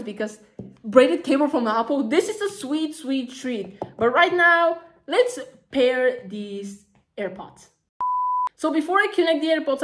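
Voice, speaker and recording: Gushing over every item she pulls out, a vlogger chats her way through an unboxing in an excitable, casual manner loaded with fillers. Her voice is high-pitched.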